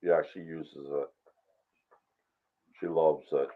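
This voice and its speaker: A man's voice: rumbling low, level tone, slow. A man joining a livestream by video call, chatting casually and mostly giving short, laid-back replies. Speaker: guest on the stream. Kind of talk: casual chat. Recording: tinny call audio.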